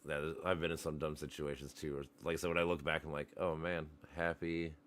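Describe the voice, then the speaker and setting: A man's voice: rumbling low, little pitch movement, fast talker, a bit bright, slight background noise. A man chatting casually on a podcast, blunt and swearing freely. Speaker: podcast co-host. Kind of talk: casual chat.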